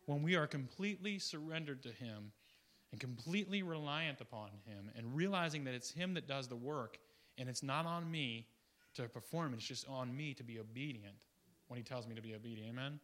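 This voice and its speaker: A man giving an informal guest sermon. He talks in a rambling, conversational way with restarts and asides, swinging between loud, excited bursts and quiet, low remarks. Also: a little fast. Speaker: guest preacher.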